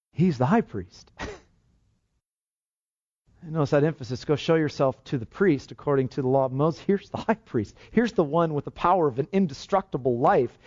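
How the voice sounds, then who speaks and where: Man, pastor, sermon, emphatic, lively voice, dull lo-fi sound. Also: fairly high pitch. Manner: earnest, emphatic preaching with restarts.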